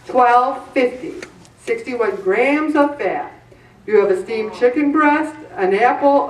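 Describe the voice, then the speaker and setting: A middle-aged woman hosting a weight-loss show, giving chatty diet advice in an animated, exclamatory way and repeating words for emphasis. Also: high-pitched, recorded from a distance. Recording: echoey room, voice from off mic.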